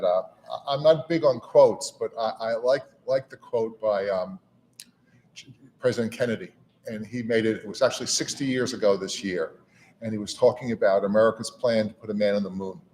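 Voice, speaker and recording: A man's voice: on the low side, darkish tone, a little hiss or hum. A middle-aged man giving a conversational speech to a room of volunteers. He talks in a folksy, easygoing manner, often repeating words and saying "you know". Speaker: national auxiliary leader giving a speech. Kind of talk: informal speech to a gathering. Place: meeting room with an audience.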